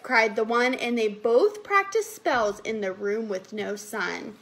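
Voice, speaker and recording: A preschool teacher reading a picture book aloud to young children, animated and coaxing them to count along. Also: female voice, a little high, slow pace, few pauses.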